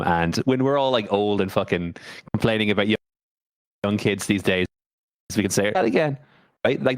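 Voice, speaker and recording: A man's voice: fairly low pitch, no echo. A man from Ireland, co-hosting a podcast in casual, joking chat and swearing freely. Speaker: podcast co-host.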